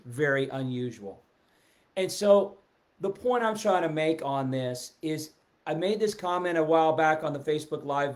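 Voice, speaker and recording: A middle-aged man giving a casual, animated sales talk on a live stream, seated and reading out viewer comments. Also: a little high. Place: indoors, seated in a chair. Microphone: webcam or phone at a desk, seated.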